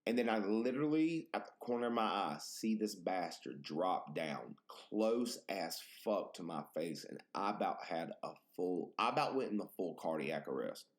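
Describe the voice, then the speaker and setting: A man's voice: low voice, normal speed, few pauses. A man hosting a podcast, telling exaggerated, profane stories in casual chat. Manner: animated, profane, exaggerated storytelling. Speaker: podcast host.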